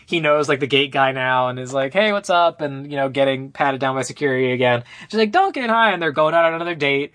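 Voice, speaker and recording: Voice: steady tone, fast talker, hardly any pauses, a bit bright, dry recording. Young podcaster recapping a movie, dry close mic. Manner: acts out characters' lines with jumps in pitch; loose, rambling, full of "like" and "uh". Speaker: podcast co-host. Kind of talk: casual movie recap chat.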